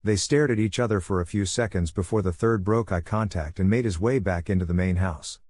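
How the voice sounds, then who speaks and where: A man narrating fan fiction aloud in a steady, even reading. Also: deep voice, a little fast, no echo.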